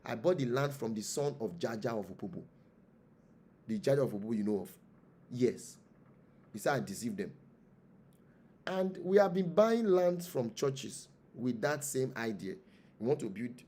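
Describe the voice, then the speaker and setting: A man's voice: medium pitch, animated, normal speed, darkish tone. A man with a Nigerian accent, a traditional spiritual leader speaking as an interview guest, preaching with rhetorical questions and repeated phrases. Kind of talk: impassioned interview monologue.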